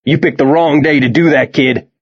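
A man reading an audiobook voices a gruff, sneering armed guard who talks down to the kids. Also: on the high side, fairly even intonation, normal speed, highs cut off, voice pushed up. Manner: sneering, barking orders.

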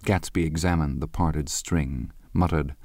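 A man narrating a novel as an audiobook in a measured, understated way. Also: rumbling low, steady tone, darkish tone, dry recording. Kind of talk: scripted narration. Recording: dry close studio sound.

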